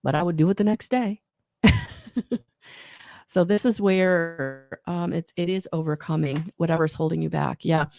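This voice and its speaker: A woman's voice: lowish voice, moderate pace, creaky, pauses often, a little mellow. Encouraging woman reading oracle cards. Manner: rambling, encouraging, self-correcting. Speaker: intuitive card reader. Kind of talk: live oracle card reading.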